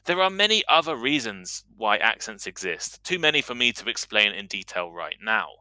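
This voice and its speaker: A man hosting an English-learning podcast as a teacher, explaining pronunciation clearly and demonstrating sounds in a scripted monologue. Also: lowish voice, very animated, normal speed, sharp tone, dry recording, rough recording.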